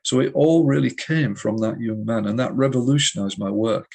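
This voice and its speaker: A middle-aged man, a hypnotist guest in an interview, telling vivid stories in a measured way. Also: medium pitch, creaky, darkish tone. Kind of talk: storytelling interview.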